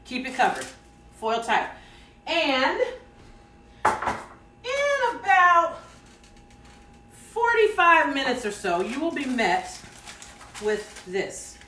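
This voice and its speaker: A woman's voice: sits high, huge pitch swings, very slow, long pauses, pushed and bright, slight background noise. A woman with a Southern American accent hosting a live cooking stream, folksy and chatty, talking straight to her viewers and reading their comments aloud. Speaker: cooking show host. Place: home kitchen. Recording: roomy kitchen audio, mic set some distance away.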